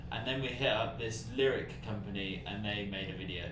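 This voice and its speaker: A man chats as a guest on a live stream, joking dryly and laughing often. His somewhat low voice comes from well back from the mic. It rings around an echoey room with a clear hum of background noise. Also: a little fast, recorded from a distance. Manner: dry, joking, laughs a lot. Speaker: guest and friend of the host. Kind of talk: casual chat.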